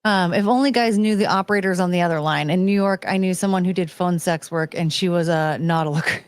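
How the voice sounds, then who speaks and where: A woman's voice: fairly low pitch, quick pace, clear, resonant tone, dry recording, clean studio sound. A woman hosting a casual stream, chatting frankly and crudely with viewers, giggling often.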